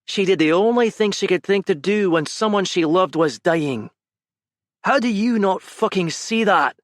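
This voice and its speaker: A man's voice: high-pitched, expressive, moderate pace, no echo, studio quality, voice pushed up. A man voicing an angry man who swears heatedly while defending a friend, in an audiobook.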